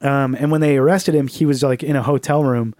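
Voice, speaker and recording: A man co-hosts a laid-back comedy podcast, swearing freely, using plenty of fillers and sometimes putting on mocking voices. His voice is medium-pitched and darkish, brisk, with fairly even intonation. It's recorded in studio quality with no echo.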